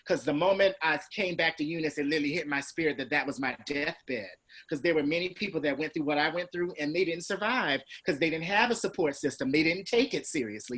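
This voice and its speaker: A man from Georgia in the US, a teacher telling a class a personal story. He acts out other people's lines with big pitch swings. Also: bright, forceful tone. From Georgia, USA. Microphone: video call.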